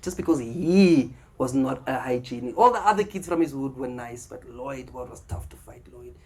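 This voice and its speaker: A man's voice: mid-range voice, animated, normal speed, darkish tone, husky. A South African man doing stand-up comedy, chatting with the crowd and acting out voices in his stories. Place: comedy club stage. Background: audience laughter.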